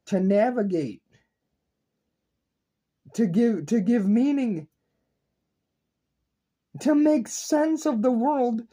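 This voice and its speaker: Profane ranting man, dark husky voice. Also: high-pitched. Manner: intense, profane, repetitive, lecturing. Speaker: online video creator. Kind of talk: rambling philosophical rant to camera.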